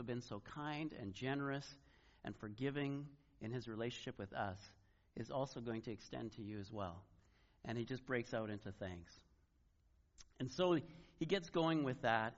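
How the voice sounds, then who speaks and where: A man's voice: medium pitch, lo-fi sound. A middle-aged man preaching a sermon in a loose, conversational way, acting out little asides as he tells stories. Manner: conversational, animated retelling with acted asides. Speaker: pastor.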